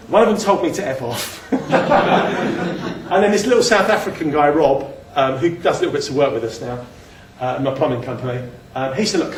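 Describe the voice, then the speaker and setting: In an echoey room with a distant mic and a little hiss or hum, a man of medium pitch presents slides in a relaxed way. He's talkative, pokes fun at himself, and frequently restarts what he's saying.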